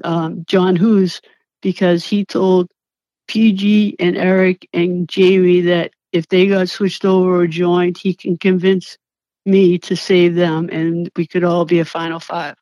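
A young woman talks as an interview guest, laughing often and acting out what people said. Her telling is animated and loose, with casual swearing. The sound is dry and close. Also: fairly low pitch, measured pace, no room sound, low-quality recording. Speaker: interview guest, former reality show contestant. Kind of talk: casual storytelling.

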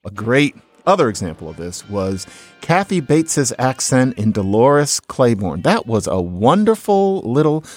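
A middle-aged man, a linguist who hosts a podcast, gives a casual lecture on speech with audio clips. His medium-pitched voice is unhurried and lively in intonation, chatty with wry asides, recorded dry over soft background music.

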